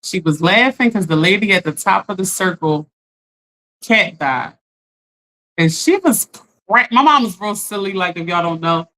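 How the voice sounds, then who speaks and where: Animated woman coach chatting with viewers. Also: fairly low pitch, normal speed, low-quality recording. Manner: animated, laughs often, talks straight to viewers as y'all. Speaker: life coach. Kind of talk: casual live-stream chat reading comments.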